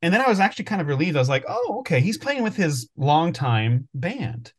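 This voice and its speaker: A man's voice: a little high, big pitch swings, brisk. A man co-hosting a podcast, telling stories in a rambling, thinking-aloud way during casual chat. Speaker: podcast co-host.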